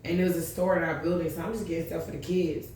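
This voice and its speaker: A woman's voice: fairly low pitch, steady tone, quick pace, dark tone, a little hiss or hum. A woman hosting her tarot channel, telling a long personal story in a blunt, profane, rambling way. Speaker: tarot reader, channel host. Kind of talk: casual storytelling vlog. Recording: very echoey room.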